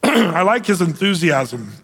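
A man's voice: high-pitched, big pitch swings, slow pace, a bit bright, breathy edge, long reverb tail. A male pastor preaching a conversational sermon and reading scripture aloud, with frequent fillers and restarts.

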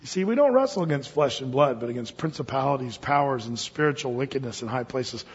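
A man preaching a sermon in a conversational, animated storytelling manner with rhetorical questions. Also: medium pitch, quick pace, breathy edge, long reverb tail, muffled recording.

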